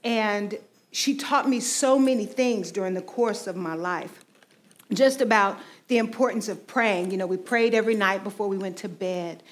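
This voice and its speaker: A woman in her forties tells a faith testimony in a loose, chatty manner. Her voice sits at a middling pitch. She peppers her story with "you know". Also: normal speed. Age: 40s. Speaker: ministry team speaker.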